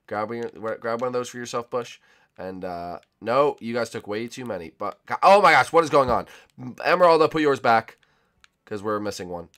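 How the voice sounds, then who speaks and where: A man's voice: mid-range voice, normal speed. A young man with a sore throat giving playful, jokey commentary on a hide-and-seek game with friends. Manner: excitable, jokey, shouts and laughs. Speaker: gaming YouTuber.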